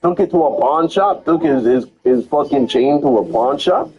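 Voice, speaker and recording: A young man with a slightly high voice chats casually. He reacts to a friend's story and comments in blunt slang. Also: moderate pace, highs cut off. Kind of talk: casual chat.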